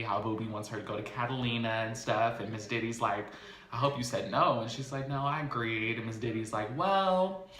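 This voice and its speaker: A man's voice: mid-range voice, reverberant. A man recapping a reality show episode in chatty, gossipy casual talk. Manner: chatty, animated, gossipy storytelling.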